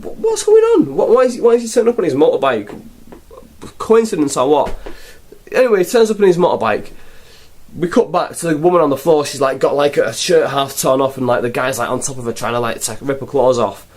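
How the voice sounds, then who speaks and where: A man's voice: mid-range voice, fairly quick, darkish tone. A young man reviewing a film in a rambling, sarcastic, casual way. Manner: rambling, sarcastic, full of fillers.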